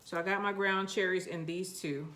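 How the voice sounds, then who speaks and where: A woman's voice: fairly low pitch, steady tone, moderate pace, fairly bright tone. A woman with a New York accent, chatting to herself and her seeds while planting them in a casual gardening vlog. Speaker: gardening vlogger.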